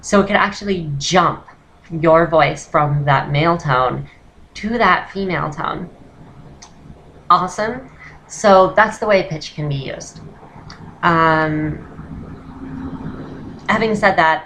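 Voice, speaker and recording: A woman's voice: low voice, fairly bright tone, slight background noise, rough recording. A woman talking straight to her viewers in a chatty, self-deprecating way as she explains a voice lesson in a casual vlog. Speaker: voice-lesson vlogger.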